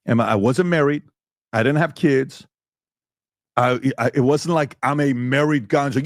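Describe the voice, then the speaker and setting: A man's voice: medium pitch, expressive, moderate pace, dry recording. Man firing rhetorical questions, dry sound. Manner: emphatic, fires rhetorical questions. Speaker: podcast host. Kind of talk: heated debate.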